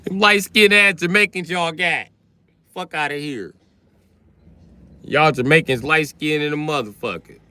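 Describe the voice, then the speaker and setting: Hosting a livestream, a man rants crudely and teases his chat, riffing off their comments in a profane comedic style. His voice is a little high, bright and forceful, with a measured pace, long pauses and a clean sound.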